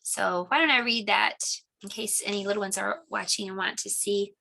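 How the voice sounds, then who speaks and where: A woman presenting a children's lesson video, gentle and teacher-like. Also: mid-range voice, moderate pace, creaky, a little hiss or hum. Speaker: homeschool teacher.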